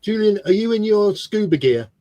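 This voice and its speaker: A man's voice: high voice, expressive, moderate pace, warm tone, dry recording. A man co-hosting a hobby livestream, casually greeting viewers and teasing them as he reads their comments. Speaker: livestream co-host. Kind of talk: casual chat. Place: home studio, on a video call.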